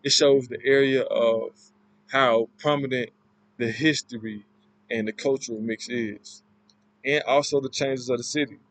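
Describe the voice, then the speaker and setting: A man giving an informal class presentation, explaining in a halting, loosely worded way. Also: mid-range voice, fairly even intonation, fairly bright tone, dry recording, low-quality recording. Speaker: student presenter.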